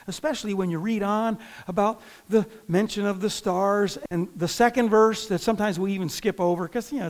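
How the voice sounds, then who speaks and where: High-voiced man preaching a sermon. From northern Indiana. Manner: conversational preaching, frequent restarts and asides to the congregation. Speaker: pastor.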